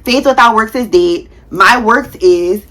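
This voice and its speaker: A woman's voice: a little high, unhurried, fairly bright tone, poor audio. A young woman nurse talking in a personal life update vlog, determined and emphatic, repeating phrases for stress. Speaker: vlogger.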